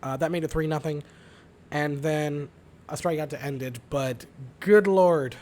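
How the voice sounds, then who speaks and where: Hoarse, raspy young man, fairly high voice. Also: moderate pace. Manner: aims for calm, mellow delivery. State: hoarse, sore throat. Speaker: fan recapping baseball games. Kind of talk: casual sports recap.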